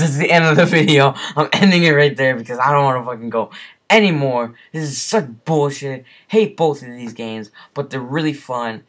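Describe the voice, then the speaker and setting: A young man giving profane, exasperated gameplay commentary as the host of a gaming channel, swinging between muttered curses and yells. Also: medium pitch, moderate pace.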